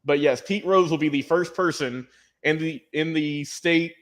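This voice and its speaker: A man's voice: on the high side, measured pace. A man co-hosting a sports talk show, talking casually with restarts and repeated words. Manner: rambling, repeats words, addresses co-host by name.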